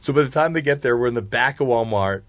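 A man's voice: mid-range voice, fast, dry recording. A man in casual chat, telling long rambling anecdotes and laughing often. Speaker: podcast guest, musician.

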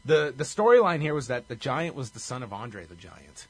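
Male host, husky tone, detailed casual recap. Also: mid-range voice, sing-song, moderate pace. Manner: recaps events in detail, briefly acts out quotes. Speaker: podcast host. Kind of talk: casual chat.

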